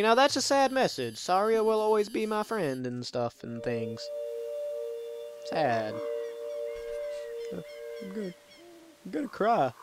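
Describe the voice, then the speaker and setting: A man's voice: on the high side, fairly bright tone, slight background noise. A young man hosting a let's play, giving casual gameplay commentary full of sarcastic, joking asides.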